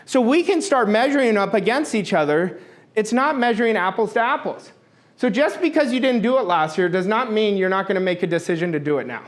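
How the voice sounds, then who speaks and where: A man's voice: high voice, lively intonation, brisk. A middle-aged man giving a motivational talk to an audience, emphatic and blunt, repeating his points and swearing now and then. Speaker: motivational speaker.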